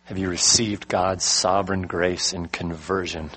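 A middle-aged man preaching a sermon, slowing down to stress his key words. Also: sits low, flat delivery, pushed and bright, husky, low-quality recording. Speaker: pastor.

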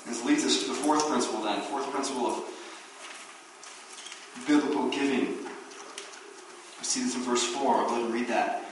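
A man preaching a sermon as pastor, animated and acting out the voices he quotes. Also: medium pitch, moderate pace, long pauses, a little hiss or hum. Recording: very echoey room, distant mic.

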